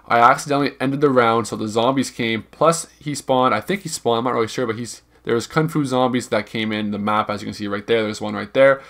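A man's voice: medium pitch, a little fast, hardly any pauses, fairly bright tone. Young man rambling through a game walkthrough. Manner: rambling and informal, hedges numbers, repeats himself. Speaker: gaming video guide creator. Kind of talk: casual gameplay walkthrough narration.

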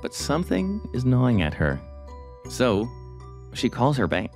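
A man narrating a true story in a measured, scripted way, adding quiet murmured reactions. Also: medium pitch, huge pitch swings, soft background music. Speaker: podcast host and narrator.

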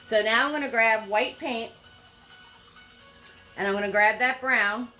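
Bright, upbeat older woman teaching painting. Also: a little high, a little slow, faint music behind. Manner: upbeat, encouraging, chatty. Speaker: painting instructor. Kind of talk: live painting lesson.

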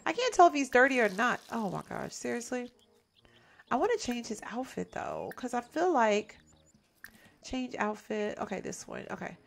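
A woman's voice: on the high side, sing-song, moderate pace, creaky. A woman giving casual let's-play commentary, chatty and exasperated, often talking to her viewers as "y'all". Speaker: gameplay commentator.

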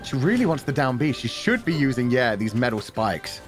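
A man's voice: medium pitch, big pitch swings, brisk, soft background music. A man giving casual, jokey color commentary and analysis on a video game match.

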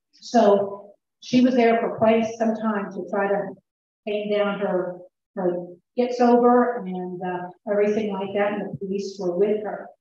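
A woman conference speaker giving a sermon-style teaching in a church, telling a story in an earnest, halting way. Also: medium pitch, mellow, slight background noise. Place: church sanctuary. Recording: very echoey church sound, far from mic, dull.

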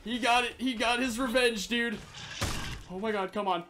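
A young man giving casual, excitable commentary on his video game, rambling, swearing and yelping at sudden danger. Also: very high-pitched, normal speed, music in the background. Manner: chatty rambling to animals in the game. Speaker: gaming channel host. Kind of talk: Let's Play commentary.

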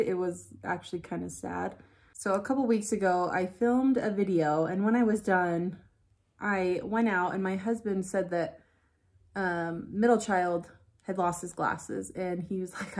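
A woman's voice: mid-range voice, a little mellow. Chatty woman vlogger doing her makeup. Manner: chatty, storytelling, laughs easily. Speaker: beauty vlogger. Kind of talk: casual chat while doing makeup.

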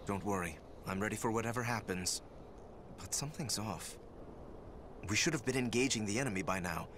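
A man playing a wary, low-voiced soldier. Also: brisk, natural voice. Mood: uneasy. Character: wary male mercenary soldier. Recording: game cutscene with noisy ambience.

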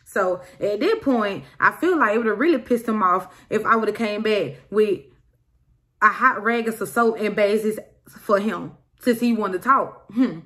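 A young woman vlogger telling a storytime story in an animated, emphatic way. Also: fairly high pitch, normal speed. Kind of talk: casual storytime.

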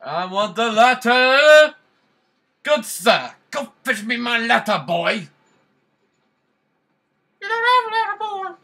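A man putting on the voice of a haughty gentleman who loudly orders a servant to fetch his letter. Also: very high voice, big pitch swings, slow pace, pauses often, pitched above the performer's own voice, heavily acted. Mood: demanding. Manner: loud, bossy, imperious.

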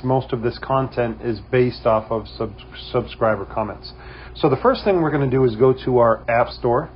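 A man with a New England accent hosting a casual how-to tutorial, relaxed and full of "um" fillers. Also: medium pitch, lo-fi sound, slight background noise. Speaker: host of a security camera company channel.

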